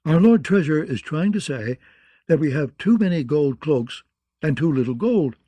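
Male narrator doing an imperious storybook queen, dismissive and dark-toned. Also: a little high, animated, normal speed, no echo. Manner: cold, commanding, dismissive. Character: proud imperious queen, woman.

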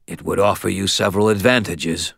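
A man voicing a coolly polite, formal male vampire envoy in an audiobook, measured and speaking in the royal we. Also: low-pitched, steady tone, creaky, a bit bright, slightly rough, no room sound, clean studio sound, exaggerated voice. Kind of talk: audiobook character voice.

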